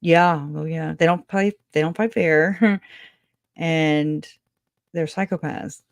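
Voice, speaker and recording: A woman's voice: deep voice, fairly even intonation, slow pace, no echo, clean studio sound. A woman hosting a call-in show, chatting casually, rambling and laughing often, trailing off mid-thought. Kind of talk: casual chat. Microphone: video call.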